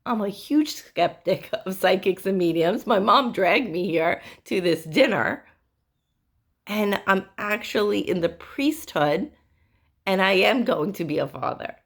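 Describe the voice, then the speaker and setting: A woman's voice: mid-range voice, expressive, unhurried, gravelly. A woman quoting a skeptical young man who is blunt and flustered. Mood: apologetic.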